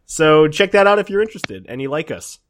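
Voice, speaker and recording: A man's voice: on the high side, very animated, brisk. Cheery guy hosting a chill podcast, laughs a lot. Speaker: podcast host. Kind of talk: casual podcast chat.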